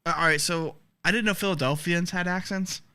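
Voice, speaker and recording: A man's voice: high-pitched, steady tone, fairly quick, bright, forceful tone, clear, resonant tone. A man from the US Midwest co-hosting a podcast, chatty and wry. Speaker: podcast co-host. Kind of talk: casual chat.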